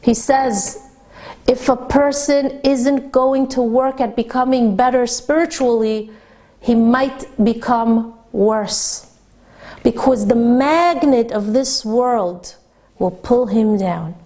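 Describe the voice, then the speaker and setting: A woman religious teacher delivers a Torah lesson to women. Her voice sits high and she speaks slowly, stressing each point with deliberate repetition. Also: warm tone.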